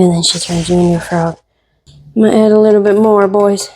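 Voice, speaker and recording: A woman hosting a casual cooking tutorial, playful and joking with her viewers, sometimes dropping to a soft whisper. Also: mid-range voice, steady tone, brisk, a little hiss or hum. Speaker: cooking vlogger.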